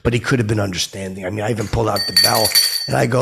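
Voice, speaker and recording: A man's voice: lowish voice, steady tone, very fast, vocal fry, heavy background noise. A man telling a comic story in a stammering, rambling way, like a podcast host. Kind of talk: comedic rambling monologue.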